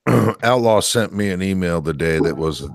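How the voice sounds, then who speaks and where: A man's voice: low voice, animated, moderate pace, creaky, dry recording. A man in a casual chat, speaking with dry, wry humor.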